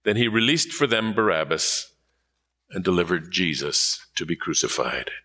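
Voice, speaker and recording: A man reading scripture aloud in a measured, solemn manner. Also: low voice, lively intonation, creaky, sharp tone. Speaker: scripture reader.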